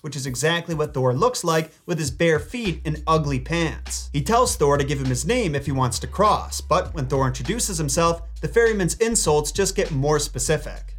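A man hosting a comedic mythology narration, dropping sarcastic asides. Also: on the high side. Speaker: host.

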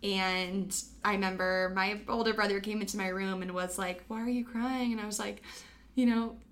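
A woman's voice: mid-range voice, flat delivery, normal speed, fairly bright tone. A young woman hosting a casual podcast interview, earnest and reflective as she tells personal stories. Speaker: podcast host.

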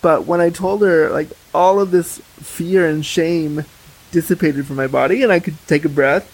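Frank, chatty young man, slightly high. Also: moderate pace, husky, rough recording. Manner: frank, chatty, with many fillers. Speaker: podcast guest. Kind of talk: candid casual conversation.

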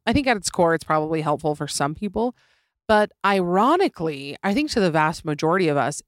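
A woman's voice: on the low side, no echo, clean studio sound. Opinionated young woman podcast host. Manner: opinionated, sarcastic, quick to laugh. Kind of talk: casual comedic podcast monologue.

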